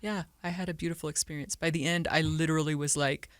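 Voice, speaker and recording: A woman from southern Utah, a podcast guest telling her story in an open, animated way. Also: quick pace, dry recording, studio quality. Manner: animated, acts out quoted speech with big pitch jumps. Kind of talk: candid storytelling.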